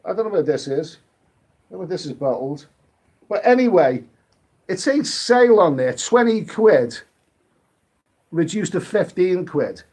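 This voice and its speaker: A man's voice: high-pitched, sing-song, measured pace, long pauses, darkish tone, husky. Rambling, chatty British man hosting a live stream. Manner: rambling, chatty, restarts often, reads viewer comments aloud. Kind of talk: casual late-night live stream chat.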